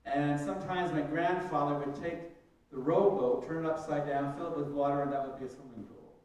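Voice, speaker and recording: Male preacher, slightly high voice, story-driven sermon, booming room echo, heard from off-mic. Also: steady tone, fairly quick. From Canada. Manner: vivid first-person storytelling, swings from hushed to emphatic. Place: church. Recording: echoey church room, mic at a distance.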